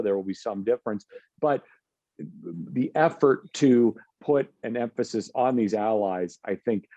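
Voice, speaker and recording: A man with a low, mellow voice talks through policy points on a panel, pausing often with fillers and restarting his sentences. The audio is dry and a little muffled, with no room sound. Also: no room sound. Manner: measured, with many fillers and restarts.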